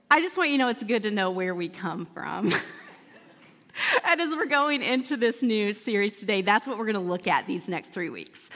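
A woman pastor telling a personal story in an animated, humorous sermon, laughing as she goes. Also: on the high side, long reverb tail.

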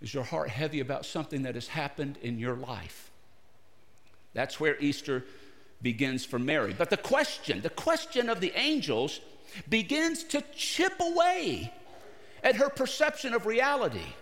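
A male pastor preaching a sermon in short phrases, pausing often and putting questions to his listeners. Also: on the high side, sing-song, a bit bright. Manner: broken into short phrases with pauses. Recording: long reverb of a large hall.

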